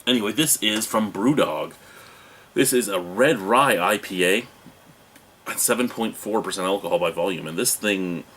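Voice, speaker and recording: Low-voiced rambling beer-review host. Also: male voice, moderate pace, fairly bright tone, a little hiss or hum. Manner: rambling, jokey and self-mocking. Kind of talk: casual video review. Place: home room with cartoon toys behind him.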